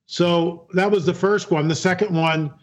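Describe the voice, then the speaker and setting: A man's voice: high voice, steady tone, a little slow. A man, a guest filmmaker, telling a story in an interview, earnest and repeating key phrases. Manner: earnest, repeats phrases, acts out quoted dialogue.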